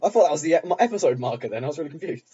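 A young English speaker co-hosting a Minecraft let's play, swearing loudly and teasing in casual banter. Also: medium pitch, expressive, rapid-fire, slightly rough, dull audio. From England. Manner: loud, sweary, laughing banter. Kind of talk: casual gaming commentary.

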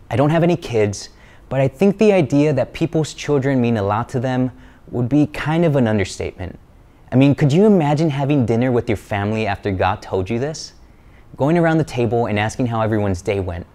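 This is a man preaching to his congregation in a mid-pitched voice. He teaches earnestly and stresses his key points, then slips in light, playful jokes. His delivery stays direct and conversational. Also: animated, fairly quick, a little mellow. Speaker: church speaker. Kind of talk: sermon-style teaching video.

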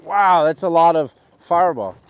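A man's voice: a little high, normal speed. A man, a professional golfer, chatting casually on an outdoor golf course about his shots. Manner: relaxed, animated, explains his game in detail.

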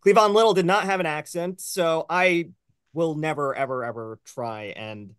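A man's voice: fairly high pitch, normal speed, fairly bright tone, clear, resonant tone, no echo, clean studio sound. A man hosting a casual film review show over a video call, rambling with plenty of fillers. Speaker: host.

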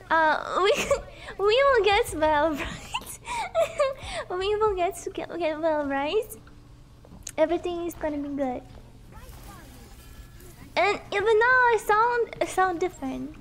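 A young woman streaming a game, with a very high voice that swoops up and down as she chats to viewers. She sounds hoarse and sick, laughs often and repeats her words. Faint music plays under her talk. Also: a bit bright. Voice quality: hoarse, voice sounds broken from illness. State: sick, coughing. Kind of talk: casual live-stream chat while gaming.

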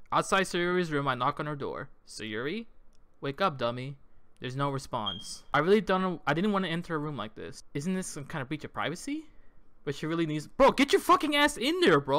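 A young man playing a visual novel, reading its text aloud and breaking off into sudden, profane outbursts of surprise. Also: high-pitched. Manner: excitable, swears a lot, reads game text aloud then reacts with sudden shouts. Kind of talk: let's play commentary.

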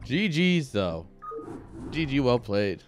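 A man's voice: medium pitch, big pitch swings, slow, over music. A young man casting a live game with hyped, joking play-by-play, talking straight to his viewers. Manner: hype, joking, talks straight to chat. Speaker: esports caster.

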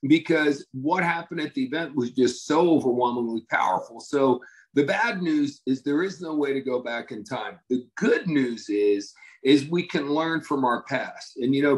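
A man gives a motivational talk to his business team, telling stories with easy enthusiasm. His voice sits at an ordinary middle pitch. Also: normal speed, low-quality recording. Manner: enthusiastic storyteller, conversational. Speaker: company leader addressing his team.

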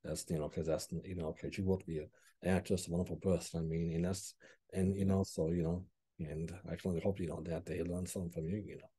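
A man hosting a podcast interview, talking haltingly and repeating words as he feels his way into questions. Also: deep voice, little pitch movement, mellow, slightly rough. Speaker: podcast host. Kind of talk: casual interview conversation.

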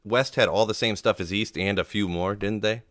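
Low-voiced man rambling casually. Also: normal speed, fairly bright tone, no echo, clean studio sound. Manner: rambling, self-correcting, hedging. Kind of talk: casual chat about a video game.

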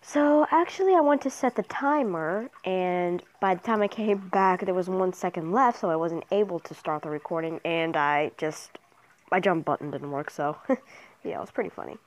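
Young girl gaming and yelling go go go at people, kinda low voice, muffled phone audio. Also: normal speed. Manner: excitable, cheering and trash-talking other players. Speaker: gamer commentator. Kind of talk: casual gameplay commentary.

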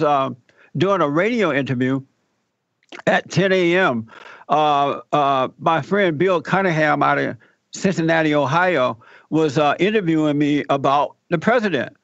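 Gravelly animated man telling a story. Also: on the high side, no echo, highs cut off. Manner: animated, acts out the quoted people. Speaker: guest telling his story. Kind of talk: casual storytelling interview.

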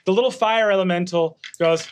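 A man narrating as game master of a tabletop game, animated and quick to laugh. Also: high-pitched, background noise. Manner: animated, lively, breaks into laughter.

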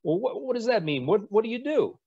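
A man putting on the voice of a gruff, sarcastic elderly navy admiral, needling and abrupt, in a strained accent. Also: high-pitched, very animated, a little fast, phone-quality sound, pitched above the performer's own voice, heavily acted. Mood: mocking.

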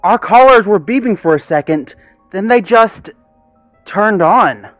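A man's voice: high-pitched, animated, a little slow, no echo, soft background music, pitched above the performer's own voice. A man voicing a worried, puzzled male dog who keeps asking questions.

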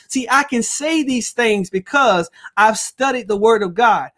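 A man's voice: extremely high pitch, a little slow, few pauses, a bit bright. A male pastor teaching a Bible study, preaching with call-and-response phrases and reading scripture aloud.

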